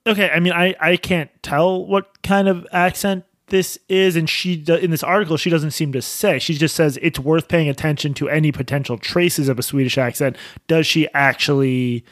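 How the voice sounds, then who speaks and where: A man's voice: fairly high pitch, fairly even intonation, moderate pace, a bit bright, no room sound. A man co-hosting a podcast, asking skeptical questions and cracking jokes on a close mic. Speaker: podcast co-host. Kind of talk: casual chat.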